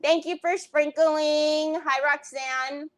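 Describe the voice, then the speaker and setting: A high-pitched woman hosts a craft livestream from her home. She chats casually and warmly with viewers, greeting them by name as she goes. Her talk breaks into loud laughs and sudden exclamations. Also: fairly even intonation, slow, poor audio. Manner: chatty, greets viewers by name between stories. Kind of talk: casual chat to live viewers.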